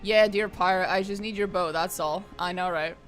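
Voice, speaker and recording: A woman's voice: fairly low pitch, moderate pace, faint music behind. A woman streaming a role-playing game, chatting casually with wry, muttered asides. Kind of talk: casual gameplay commentary.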